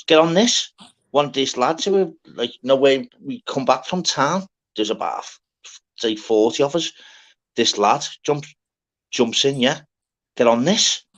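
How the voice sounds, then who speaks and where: A man's voice: mid-range voice, measured pace. A man from Scotland telling a rambling, swear-filled party story in casual chat, repeating "lad" as he goes.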